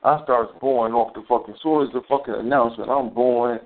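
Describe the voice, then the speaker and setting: A man's voice: mid-range voice, steady tone, fairly quick. A male host rambles through a heated, profane story in a casual live talk. His voice sits in a middle range. The audio is thin and phone-like. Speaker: show host. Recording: tinny phone-quality audio.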